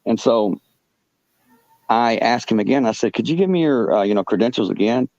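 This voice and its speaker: A man on a podcast telling a rambling first-person story, halting and full of fillers and restarts. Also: mid-range voice, animated, a little mellow, no echo, dull audio.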